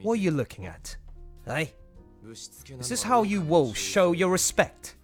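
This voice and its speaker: A man's voice: medium pitch, sing-song, takes it slowly, fairly bright tone, soft background music, voice pushed down. A man voicing a haughty young male deer, a star actor, speaking in a commanding, imperious way for an anime fan dub.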